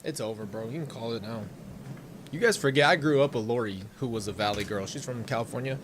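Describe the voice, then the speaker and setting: A man's voice: medium pitch, quick pace, noisy background. Blunt male reaction commentator. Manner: blunt, swearing, brief interjections.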